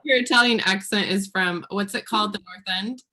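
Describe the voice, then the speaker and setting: A woman's voice: mid-range voice, normal speed, pushed and bright, a little hiss or hum. A woman hosting a casual interview, mostly giving brief, encouraging responses and follow-up questions. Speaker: host.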